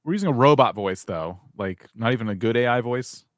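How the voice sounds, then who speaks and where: A man's voice: mid-range voice, lively intonation, a little fast. A man co-hosting a live YouTube channel review, chatty and candidly critical. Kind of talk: live stream review chat.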